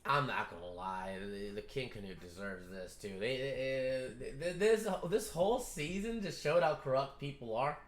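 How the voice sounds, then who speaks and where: A man reacting casually to an anime episode, swearing freely and breaking into excited outbursts at the screen. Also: medium pitch, moderate pace, hardly any pauses. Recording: roomy echo.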